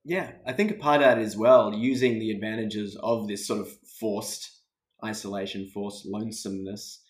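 A man's voice: lowish voice, fairly even intonation, normal speed. A man with an Australian accent hosting a podcast, chatting casually with dry, playful teasing. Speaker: podcast host. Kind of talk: casual conversation. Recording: roomy echo.

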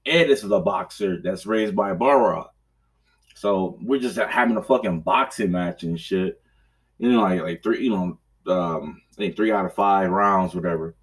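A man's voice: deep voice, a little slow, distant mic. A man hosting a podcast in casual chat, rambling and profane, laughing often and acting out his own outbursts. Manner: acts out his own raging outbursts loudly. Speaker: podcast host.

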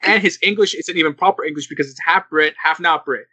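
A young man hosting a casual podcast chat, animated and laughing, acting out the people he quotes. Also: on the high side, fast talker, slightly rough, no room sound, rough recording. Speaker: podcast host.

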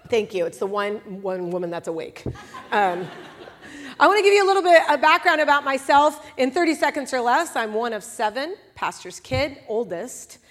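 A woman speaking to a live audience, telling funny and candid personal stories in an animated way. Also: high voice, moderate pace. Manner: animated, humorous, confessional. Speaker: guest speaker at a women's event. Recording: long hall reverb.

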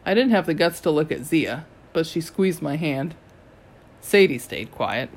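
A reader giving a steady, first-person audiobook narration. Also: mid-range voice, measured pace.

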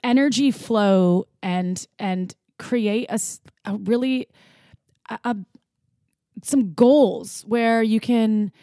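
A young woman from the US Midwest co-hosting a podcast, chatting and telling stories in an animated way. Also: on the high side, slow pace, dry recording, studio quality. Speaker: podcast co-host. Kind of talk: casual chat.

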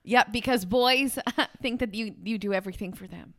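A woman's voice: mid-range voice, moderate pace. A woman hosting a podcast, chatting casually with emphatic, advice-giving energy. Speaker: podcast host.

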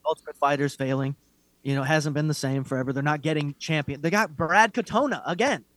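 Male podcast co-host, slightly high voice, dry close sound, blunt and mocking rants, profane. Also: brisk, fairly bright tone, no echo. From Irish heritage. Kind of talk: casual MMA chat.

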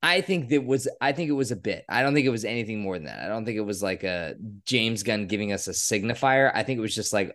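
A man co-hosting a podcast, talking casually and excitedly about a movie, given to swearing and rants. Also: on the low side. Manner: animated, profane, quick to rant. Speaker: podcast co-host. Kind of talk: casual movie review chat.

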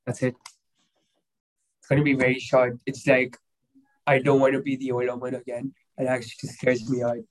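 A man's voice: medium pitch, monotone, moderate pace, long pauses, rough recording. A young man talking as a podcast guest in a casual, emotional chat. He rambles, with many fillers and restarts.

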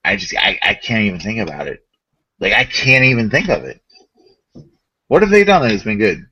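A man co-hosting a casual gaming podcast, ranting in an animated, profane way. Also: fairly low pitch, a little fast, husky, poor audio. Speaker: podcast co-host.

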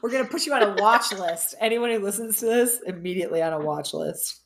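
A woman's voice: medium pitch, fast, creaky, a little hiss or hum. A woman co-hosting a podcast in casual chat, laughing often and poking fun at herself. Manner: laughs often, self-deprecating, restarts. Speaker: podcast co-host.

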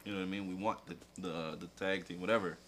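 A man's voice: sits low, steady tone, fast talker, a bit bright, a little hiss or hum. A man co-hosting a casual chat show, animatedly retelling events and acting out quotes, swearing casually. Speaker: podcast co-host. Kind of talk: casual chat recapping wrestling.

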